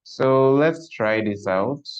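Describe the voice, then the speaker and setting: A man's voice: mid-range voice, expressive, slow pace. A man teaching a live coding class online, thinking aloud as he works and often repeating himself. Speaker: coding instructor. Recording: dull lo-fi audio.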